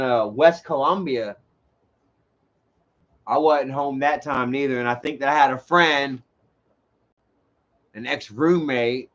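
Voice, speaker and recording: A man telling rambling, profane stories on a casual livestream. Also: mid-range voice. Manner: rambling, profane, animated storytelling. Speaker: livestream host. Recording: dull lo-fi stream audio.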